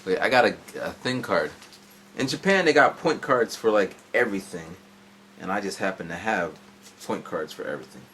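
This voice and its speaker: Rambling man with a low, lively voice. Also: moderate pace, slight background noise. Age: 40s. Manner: rambling, digressive, jumps around in the story. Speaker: vlogger. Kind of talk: casual storytelling vlog. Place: at home indoors.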